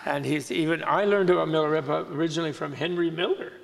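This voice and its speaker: A man telling a teaching story in casual conversation, lively and amused, laughing between lines. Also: on the high side, fast talker, gravelly. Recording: long hall reverb.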